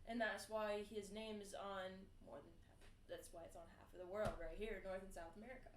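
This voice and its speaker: A woman's voice: medium pitch, steady tone, fairly quick. A woman co-hosting a casual podcast, reading out fun facts with lots of fillers and laughter. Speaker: podcast co-host. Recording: echoey room with faint noise.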